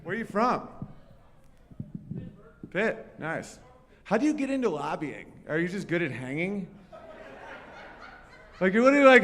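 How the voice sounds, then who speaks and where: A man doing loud, profane crowd work at a piano, teasing someone in a bar. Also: sits high, very animated, normal speed, pauses often. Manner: loud, brash and profane, teasing an audience member. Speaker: comedian at the piano. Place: bar or club room. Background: faint piano.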